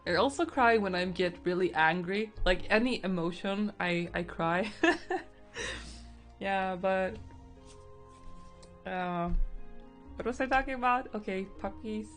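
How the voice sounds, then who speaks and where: A woman's voice: mid-range voice, a little slow, pauses often, soft background music. A woman chatting casually on a live art stream, teary and emotional, laughing often.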